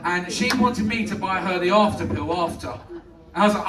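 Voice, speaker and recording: A man's voice: high-pitched, brisk, a bit bright, recorded from a distance. A British man hosting a comedy night, telling crude jokes and bantering brashly with the crowd. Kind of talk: live stand-up, compering. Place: comedy club stage. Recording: echoey club heard from afar. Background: audience laughter.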